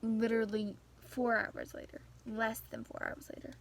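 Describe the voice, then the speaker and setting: A woman's voice: on the high side, little pitch movement, moderate pace, gravelly. A teenage girl telling a rambling, gossipy story as a casual rant, full of restarts and asides. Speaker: vlogger.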